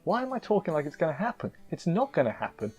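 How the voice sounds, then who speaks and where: Here the anime reviewer speaks fast in a fairly high, sing-song voice that's husky and darkish, with faint music in the background. Chatting casually, he gets emotional, wanders off topic, and keeps interrupting himself mid-sentence.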